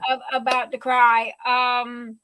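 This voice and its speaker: A high, bright-voiced older woman with a drawl hosts a casual livestream chat. She gushes with emotion and stumbles over her words. The sound is dry and close. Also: monotone, slow, clean tone, dry recording, low-quality recording. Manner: gushing, emotional, many restarts. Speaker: livestream host.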